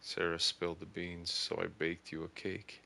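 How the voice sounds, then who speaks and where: A man giving casual, excitable gaming commentary, thinking aloud as he plays. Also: deep voice, moderate pace, vocal fry. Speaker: gaming streamer.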